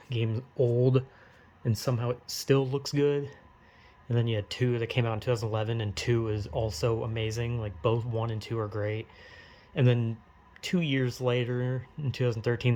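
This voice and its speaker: A man's voice: mid-range voice, darkish tone, slight background noise. A man talking casually to camera as a video host, rambling and self-deprecating, with frequent swearing and restarts. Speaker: YouTuber. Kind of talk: casual opinion rant.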